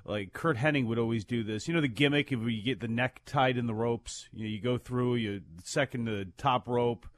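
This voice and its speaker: A man's voice: medium pitch, normal speed, no room sound. A man co-hosting a casual wrestling talk show, rambling with many "you know"s and restarts. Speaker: podcast co-host.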